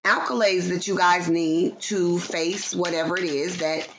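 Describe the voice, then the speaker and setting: Woman tarot reader, loose and profane, lowish voice, dull lo-fi sound with noise behind. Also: fairly even intonation, a little slow. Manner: loose, profane, playful, breaks into singing. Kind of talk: casual livestream tarot reading.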